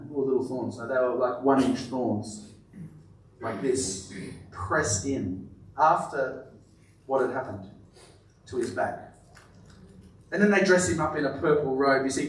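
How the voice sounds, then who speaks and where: A man preaching a sermon, emphatic and repeating his words, often dropping to a quiet, stressed delivery. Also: a little high. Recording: very echoey room, voice from a distance.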